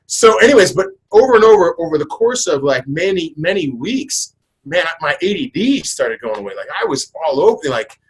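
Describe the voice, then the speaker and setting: Husky, rambling man hosting a podcast. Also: a little high, normal speed, low-quality recording. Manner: rambling, animated storytelling with many restarts. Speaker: podcast host. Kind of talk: casual podcast chat.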